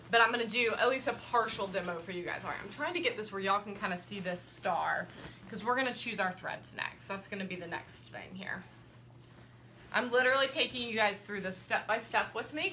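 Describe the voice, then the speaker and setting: Teaching quilting on a live stream, a young woman speaks in a bright, forceful, medium-pitched voice. Chatty and warm, she addresses her viewers directly; the room echoes and there's a bit of background noise.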